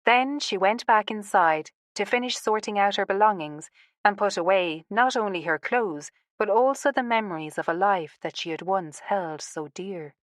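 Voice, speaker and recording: A woman narrating a romance audiobook in a calm, even storytelling manner. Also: medium pitch, normal speed, no room sound, clean studio sound. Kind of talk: scripted narration.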